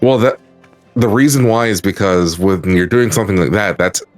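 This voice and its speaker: A man's voice: lowish voice, moderate pace, dry recording, faint music behind. A man on a casual stream chat, explaining things in a matter-of-fact way with casual swearing. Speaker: guest on a stream.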